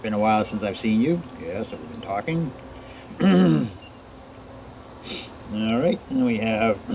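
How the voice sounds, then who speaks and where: A man vlogging outdoors in a forest, greeting unseen listeners one by one and answering for them in a quieter voice. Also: on the low side, gravelly, a little hiss or hum. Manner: greets each name, then answers himself in a quieter voice. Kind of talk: casual talk to unseen listeners.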